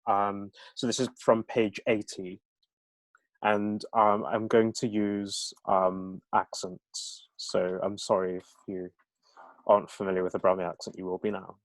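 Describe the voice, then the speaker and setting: A man's voice: fairly low pitch, little pitch movement, a little slow, no room sound. A male author talking at a book event and reading from his novel, with many hesitations.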